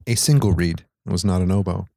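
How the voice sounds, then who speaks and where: A man's voice: low-pitched, fast, creaky, mellow, a little hiss or hum. A man co-hosting a podcast, telling a rambling story in casual chat, laughing often and swearing offhandedly. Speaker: podcast co-host.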